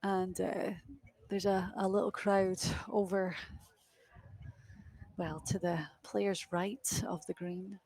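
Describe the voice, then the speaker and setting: A woman's voice: mid-range voice, little pitch movement, takes it slowly, long pauses, darkish tone, dry recording. A young woman doing live golf commentary outdoors on a windy course, chatty and self-deprecating.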